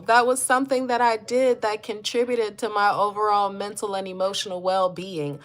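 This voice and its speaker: A woman's voice: medium pitch, steady tone, moderate pace, hardly any pauses. Woman doing a mental health livestream, chatty, reads comments out, talks straight to viewers. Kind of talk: casual motivational livestream talk.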